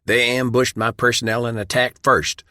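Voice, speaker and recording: A man voicing a smooth, commanding male federal official who speaks in a cold, formal way. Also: mid-range voice, level tone, moderate pace, bright, forceful tone, no room sound, studio quality, voice pushed up, lightly acted.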